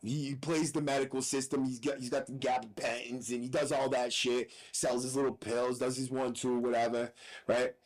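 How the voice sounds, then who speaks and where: A man's voice: medium pitch, flat delivery, normal speed, rough recording. A man recounts a story on his podcast in a casual, blunt way. He swears freely and keeps checking in with asides, his voice sitting in an ordinary middle register. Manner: profane, blunt, with frequent "right?" asides. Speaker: podcast host.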